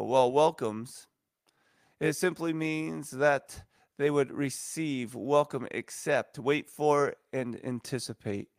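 A man's voice: a little high, no echo, studio quality. A man preaching a sermon as a pastor, earnest and emphatic, stacking repeated phrases.

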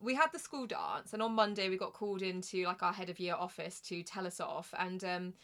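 A young woman chats on a podcast in a casual, giggly way, swearing freely. Her voice is bright and forward. She acts out other people in her stories. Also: lowish voice, a little fast. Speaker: podcast co-host. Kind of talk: casual chat.

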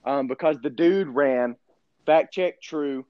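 A young man co-hosting a sports podcast, debating a game with incredulous, animated energy. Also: medium pitch, slow, clear, resonant tone, dry recording. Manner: excitable, incredulous, rising to near-shouts when riled. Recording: dull lo-fi sound.

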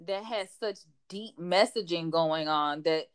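A woman's voice: on the low side, measured pace, smooth. A woman hosting a casual interview chat, emphatic and encouraging, using slangy asides. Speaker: host.

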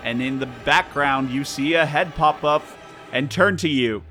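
A man running an improvised horror game as game master, narrating with teasing drama and sudden jumps in pitch. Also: a little slow, sharp tone.

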